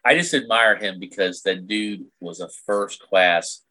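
A man's voice: low-pitched, a little slow, pushed and bright. A middle-aged man chatting as a podcast guest over a video call, blunt and crude with plenty of jokes. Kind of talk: casual podcast chat.

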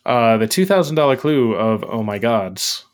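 A man's voice: medium pitch, very animated, moderate pace. A man co-hosting a podcast, recapping a quiz show episode in casual, curious conversation. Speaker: podcast co-host.

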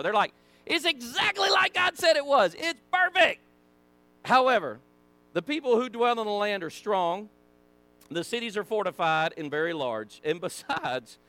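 A Southern American man leads a Sunday school Bible lesson in a casual, folksy way. His voice sits high and swings widely as he acts out the people in the story. He drops in chatty asides to the class. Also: a bit bright, smooth.

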